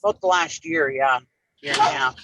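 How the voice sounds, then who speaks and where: A woman's voice: extremely low pitch, a little fast, background noise. A woman in her forties with a Finnish-influenced Upper Midwest accent, chatting and laughing as a co-host. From northern Wisconsin. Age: 40s. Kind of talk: casual chat.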